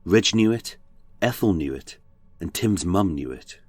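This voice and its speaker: Husky-voiced British man narrating true crime. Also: sits low, animated, a little slow, no room sound. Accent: British English. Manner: dramatic, darkly wry storytelling. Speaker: podcast narrator.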